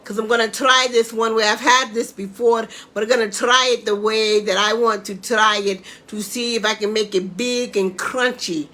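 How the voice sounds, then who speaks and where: High bright-voiced woman cooking-show host. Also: fairly even intonation, normal speed, hardly any pauses. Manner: chatty, tags lines with "okay?". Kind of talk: casual live-stream cooking chat.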